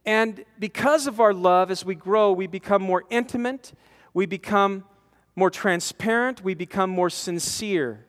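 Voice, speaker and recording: A man in his forties preaching a conversational sermon to a men's conference, animated, acting out quotes and repeating words as he presses his points. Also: high-pitched, a little slow. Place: large conference hall. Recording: long hall reverb from a conference.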